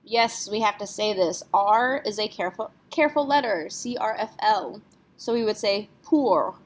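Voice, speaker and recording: Patient woman teaching French letters. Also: medium pitch. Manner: patient, spells letters out slowly. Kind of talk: classroom lesson explanation.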